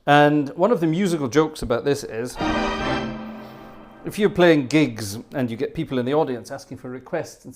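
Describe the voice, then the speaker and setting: Between pieces on his organ livestream, an older man chats casually, his darkish voice sitting on the high side at a moderate pace. Rambling and self-deprecating, he chuckles and starts over while telling a playful tale, slipping into little voices as he goes.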